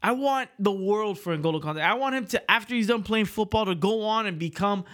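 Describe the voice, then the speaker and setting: A man's voice: sits high, fairly quick, fairly bright tone. A man hosting his podcast alone, hyped and emotional, swearing freely as he rants. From Miami, Florida. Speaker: podcast host. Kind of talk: excited solo podcast monologue. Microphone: video call. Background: hip hop music.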